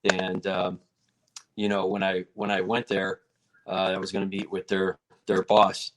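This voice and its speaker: A man with a fairly low voice tells a story in a relaxed interview. He talks casually and animatedly, and his pitch jumps when he acts out what people said. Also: normal speed. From United States. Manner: animated, acts out quotes in a raised voice. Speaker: martial arts federation president, guest.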